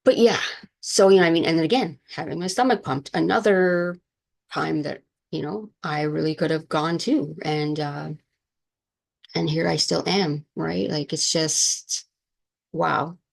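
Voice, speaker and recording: Low, gravelly-voiced woman sharing her story. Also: unhurried. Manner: candid, rambling, many fillers. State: emotional. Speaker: podcast host and minister. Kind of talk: personal storytelling.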